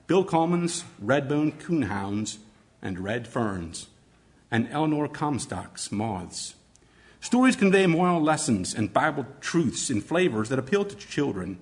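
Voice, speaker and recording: A man teaching fellow educators how to read stories aloud, with an expressive, demonstrative delivery. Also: medium pitch. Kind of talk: instructional talk on read-aloud storytelling.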